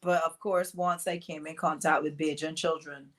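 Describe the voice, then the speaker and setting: A middle-aged woman from East London whose speech mixes a Barbadian and a London accent. Her voice sits somewhat low. She tells her story animatedly, with fillers, acting out what people said. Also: normal speed. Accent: mixed Barbadian and London. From East London, England. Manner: animated, acts out quotes, many fillers. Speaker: guest. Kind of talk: casual interview storytelling.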